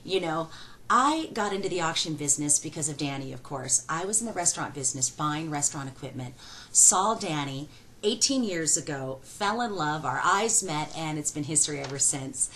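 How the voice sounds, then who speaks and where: Low-pitched fast-talking folksy woman. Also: lively intonation, pushed and bright, slight background noise, rough recording. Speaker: auctioneer. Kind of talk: answering fan questions.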